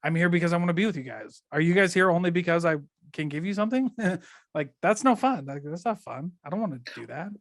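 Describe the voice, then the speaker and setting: A man on a podcast with a higher-than-usual voice, talking in a loose, rambling way full of fillers and quick laughs. The sound is dry and close, with no room echo. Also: lively intonation. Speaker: podcast guest. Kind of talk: casual conversational chat.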